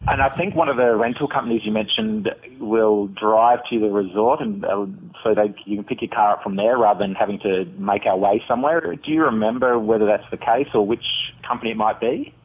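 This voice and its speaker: A man with an Australian accent calling in, polite and a little hesitant, with many pauses and "uh"s. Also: on the low side, breathy edge. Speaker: caller. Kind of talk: casual call-in chat. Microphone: phone. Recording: tinny phone line.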